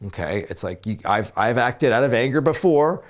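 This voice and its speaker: A man talking as a therapist and spiritual coach in a reflective video blog, gentle and searching, with many fillers and restarts. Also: medium pitch, lively intonation, moderate pace.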